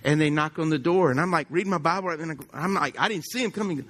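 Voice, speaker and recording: A man's voice: a little high, fast talker, hardly any pauses, fairly bright tone. A male pastor, preaching a conversational sermon and often asking the congregation questions. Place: church.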